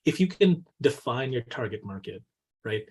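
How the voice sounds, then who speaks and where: A man with a slightly husky voice co-hosts a relaxed business podcast. He talks in a lively, coaching way, leaning on a constant "right?" and jumping into quick acted-out exchanges to make his points. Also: mid-range voice. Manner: animated, says "right?" constantly, acts out quoted dialogue. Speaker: co-host. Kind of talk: casual business podcast chat.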